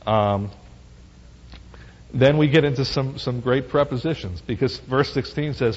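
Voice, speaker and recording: A man's voice: medium pitch, unhurried, long pauses, husky. A middle-aged man teaching a Bible study in a conversational way, often asking listeners if they follow. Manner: conversational, asks listeners rhetorical questions. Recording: muffled lo-fi recording with long hall reverb.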